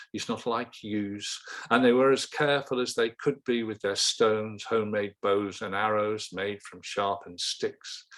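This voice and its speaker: A man who grew up in Liverpool, a poet talking haltingly about his work and then reading a poem in a steady, measured way over a video call. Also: on the low side. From Liverpool, England. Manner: halting, self-correcting chat, then steady measured recital. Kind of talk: poetry reading and discussion.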